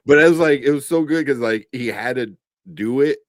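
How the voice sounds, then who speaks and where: Guy cohosting a show review podcast, gets excited and laughs, dry close sound. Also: mid-range voice, moderate pace, no room sound. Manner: animated, laughs often, many fillers. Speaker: podcast co-host. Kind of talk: casual review chat.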